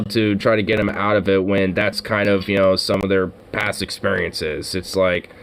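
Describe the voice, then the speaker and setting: A man with a fairly low voice hosts a loose, casual talk. He rambles, leans heavily on filler words and swears freely. A faint hiss runs behind him. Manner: rambling, full of "you know" fillers, swears. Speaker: podcast host. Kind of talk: casual reaction chat.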